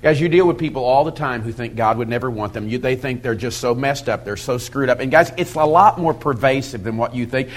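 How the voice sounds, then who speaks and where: A middle-aged man preaching to a men's Bible study in a conversational style, swinging from loud emphasis to quiet, intense asides. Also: medium pitch, brisk, few pauses. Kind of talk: sermon.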